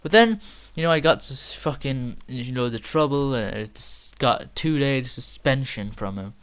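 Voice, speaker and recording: A man's voice: medium pitch, expressive, moderate pace, a bit bright, clean tone. A teenage boy casually telling a story as a vlogger, rambling, stammering and swearing as he goes.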